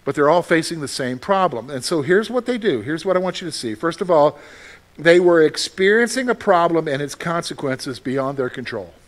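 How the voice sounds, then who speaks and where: Guy preaching to his church, pretty high voice, chatty and repeats himself, throws questions at the crowd. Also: animated, moderate pace. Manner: conversational, repeats phrases, asks the congregation questions. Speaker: pastor. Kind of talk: sermon.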